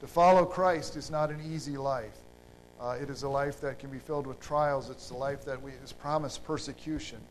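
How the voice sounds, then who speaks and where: A man preaching a sermon in an unhurried, halting way, with fillers and restarts. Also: mid-range voice, steady tone, a little hiss or hum, rough recording.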